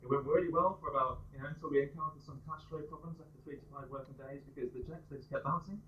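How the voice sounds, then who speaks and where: Male stand-up comic, brisk pun-heavy delivery, caught on a dull live recording. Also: on the high side, fairly even intonation, bright, forceful tone, slightly rough. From West Midlands, England. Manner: rapid-fire pun one-liners. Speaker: stand-up comedian. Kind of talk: stand-up comedy set. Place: pub comedy night.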